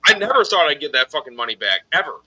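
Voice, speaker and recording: A man on a collectors' live stream telling a heated story, swearing heavily and loudly acting out his own angry replies. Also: a little high, very animated, fast, low-quality recording. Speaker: podcast host telling a story. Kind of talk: casual live stream chat.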